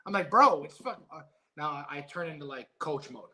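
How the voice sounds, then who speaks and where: A middle-aged man speaks in a fairly high, bright, forceful voice. He is a former boxer who tells his stories in an animated, emotional, casual way, and he swears freely. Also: moderate pace. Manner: emotional, animated storytelling with profanity. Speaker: guest, former heavyweight boxer. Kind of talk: casual interview storytelling.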